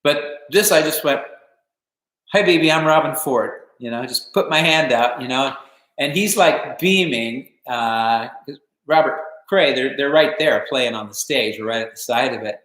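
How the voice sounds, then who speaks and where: A man's voice: mid-range voice, moderate pace. Rambling older man in a roomy room. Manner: relaxed, rambling, many fillers and restarts. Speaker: guitarist hosting a live stream. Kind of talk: casual storytelling and viewer Q&A. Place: home. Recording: roomy home live stream.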